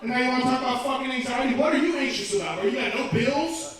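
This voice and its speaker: Profane, animated young-sounding stand-up guy. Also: very high voice, rapid-fire. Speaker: stand-up comedian. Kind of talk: stand-up set. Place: comedy club. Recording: echoey club from far off, crowd.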